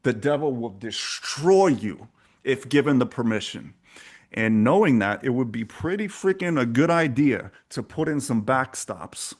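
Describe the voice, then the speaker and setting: A man talking as an interview guest, with intense, emphatic delivery. His voice is mid-pitched, and the preacher-like drive carries through his stories. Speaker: podcast guest, coach. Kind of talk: candid interview talk.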